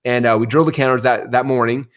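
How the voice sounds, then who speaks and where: A middle-aged man telling stories in an interview, energetic and animated, acting out the voices he quotes. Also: medium pitch, fast talker. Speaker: guest. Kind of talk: storytelling interview answer.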